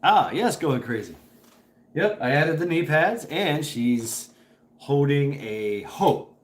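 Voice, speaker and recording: A man's voice: on the high side, big pitch swings, slow. A man hosting a casual livestream from home, rambling, laughing often and swearing freely. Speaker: livestream host. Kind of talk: casual chat. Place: at home, indoors. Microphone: camera propped on a table.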